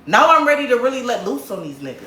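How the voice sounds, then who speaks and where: Woman from Michigan, livestream host, blunt and profane, lively swooping pitch, roomy echo. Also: fast, slight background noise. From Grand Rapids, Michigan, USA. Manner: blunt, profane, animated ranting. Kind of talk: casual livestream chat with viewers. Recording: roomy echo, faint background ambience.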